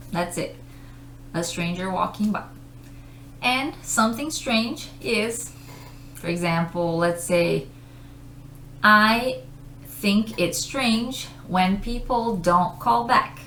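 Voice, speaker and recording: A woman's voice: medium pitch, fairly bright tone, a little hiss or hum. A woman teaching English vocabulary, explaining patiently with simple examples and checking in with "okay?". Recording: roomy echoey room.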